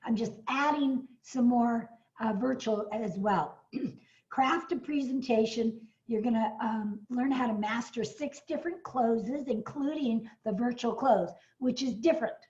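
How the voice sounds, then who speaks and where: A woman hosting a live webinar on a video call, pitching an event with excited bursts and fillers, her voice a little hoarse from coughing. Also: unhurried, muffled recording.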